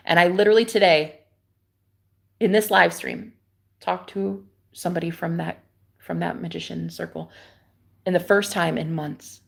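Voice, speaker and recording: A young adult woman live streaming a rambling, confiding monologue, dropping to whispers and then rising to loud, profane exclamations. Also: lowish voice, fairly even intonation, normal speed, gravelly. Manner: swings between hushed whispers and loud exclamations.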